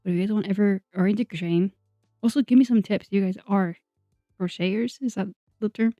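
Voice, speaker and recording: A young woman YouTuber talks casually over a video in a brisk, medium-pitched voice, rambling and putting herself down with plenty of fillers and laughter. The sound is dull and dry with no echo, sitting under soft music.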